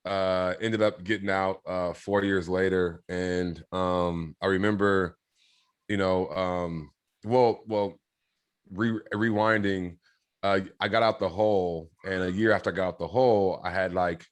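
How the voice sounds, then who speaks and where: A man's voice: deep voice, steady tone, a little slow, clear, resonant tone. A man being interviewed, telling his life story in a casual, earnest way, rambling with many fillers and restarts. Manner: reflective, earnest. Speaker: interview guest.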